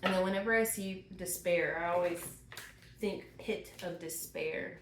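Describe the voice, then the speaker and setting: A woman's voice: lowish voice, unhurried. A woman giving a channeled tarot reading, asking questions aloud and exclaiming. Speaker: tarot reader. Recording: roomy with faint noise.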